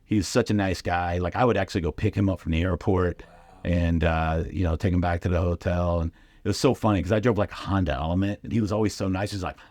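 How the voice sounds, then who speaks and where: A man's voice: sits low, fairly even intonation, quick pace, darkish tone, no echo. A middle-aged man, a comedian, telling casual stories on a podcast and acting out the voices of other people in his quotes. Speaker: comedian guest.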